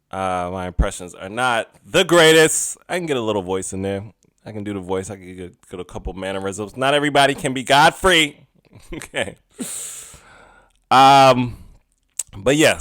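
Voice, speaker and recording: A man's voice: fairly low pitch, no room sound, clean studio sound. Chatty man hosting a solo podcast. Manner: chatty, laughs often, drifts between loud bits and quiet musing. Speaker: podcast host. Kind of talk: casual solo podcast monologue.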